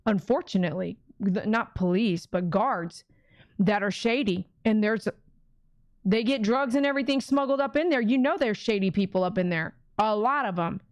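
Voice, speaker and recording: With a mid-range voice and no echo, a woman hosts a casual livestream, reading viewer comments and answering them emphatically. She sounds like a preacher and keeps humming "mm-mm" between points.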